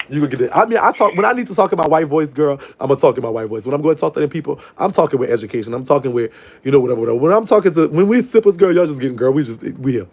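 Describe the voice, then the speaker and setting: Sassy new guy hosting a call-in, talks real quick, laughs a lot, calls everyone girl. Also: on the high side, expressive, a little mellow. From New Orleans, USA. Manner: sassy and playful, laughs often, calls people girl and baby. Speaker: call-in show host. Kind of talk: casual live call-in chat.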